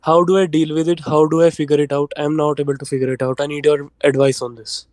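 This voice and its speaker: An earnest young man of eighteen calling in, speaking English as a second language. His voice is fairly high, and it sounds dry and close. He asks his question politely. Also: level tone, fast, darkish tone, no room sound. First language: not English. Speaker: caller. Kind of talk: phone-in question.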